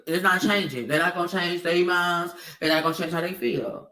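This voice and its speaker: A man's voice: high voice, fairly even intonation, normal speed, sharp tone, distant mic. A man ranting in an opinion vlog, heated and emphatic, swearing often and hammering the same points again and again. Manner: heated, emphatic, profane, repetitive. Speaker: video commentator. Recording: echoey room, off-mic.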